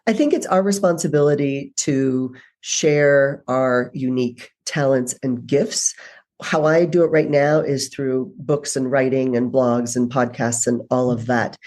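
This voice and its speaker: A woman with a low, mellow voice talks as a guest on a podcast. She is brisk and direct. She acts out bits of dialogue when she tells stories. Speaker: guest, leadership speaker and author. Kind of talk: casual interview chat.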